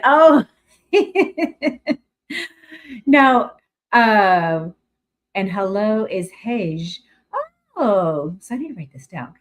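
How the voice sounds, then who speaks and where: A middle-aged woman from California chats her way through a casual livestream. Her pitch sits in the middle of the range. She talks in a loose, rambling way, full of ums and restarts, and goes bright and gushing whenever she welcomes someone. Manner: chatty and rambling, with many fillers and restarts; bright and effusive when greeting viewers. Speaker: livestream host.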